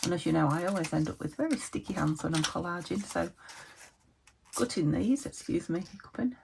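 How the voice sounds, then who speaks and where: Woman, from the UK, craft vlogger, low gravelly voice, chatty self-talk, faint noise behind. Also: expressive, brisk. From United Kingdom. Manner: chatty, self-talking, searching for words. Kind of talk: casual chat while crafting. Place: home craft room at a desk.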